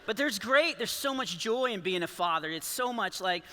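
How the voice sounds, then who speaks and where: A man's voice: sits high, expressive, moderate pace, bright, forceful tone. A man in his forties doing a rambling, self-interrupting stand-up comedy set for a church service, chuckling through his stories. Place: large church auditorium. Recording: long hall reverb.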